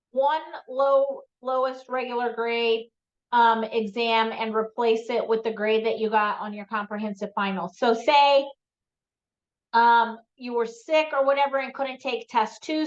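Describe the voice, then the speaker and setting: Woman teacher on a dull lo-fi recording. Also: on the high side. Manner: frequent ums, repeats key points with "okay?". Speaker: math instructor. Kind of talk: classroom announcements.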